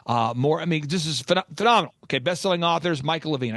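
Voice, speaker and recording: A man's voice: fairly high pitch, fast, hardly any pauses, fairly bright tone, no room sound, clean studio sound. A middle-aged man hosting a business podcast, coaching in an emphatic storytelling way and repeating his key phrases, recorded in his office. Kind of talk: energetic coaching monologue. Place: office with installations going on.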